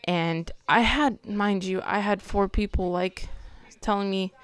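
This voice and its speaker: A woman's voice: medium pitch, a little slow, smooth, dry recording. A teenage girl hosting her own podcast, talking hesitantly and tiredly late at night, often dropping to a near whisper. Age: teens. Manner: hesitant, soft-spoken, often trailing into a whisper. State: tired, yawning. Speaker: podcast host. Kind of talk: confessional late-night monologue.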